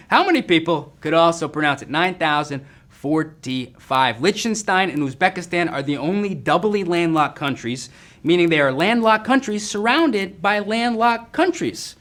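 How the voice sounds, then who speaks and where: A man hosting a live trivia game, excitable and jokey with quick banter between questions. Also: high voice, slight background noise. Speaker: game show host.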